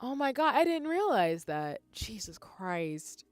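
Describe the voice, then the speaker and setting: A woman streamer chatting casually with her viewers, expressive and swinging from soft-spoken to loud exclamations. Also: a little high, measured pace, dry recording, faint music behind.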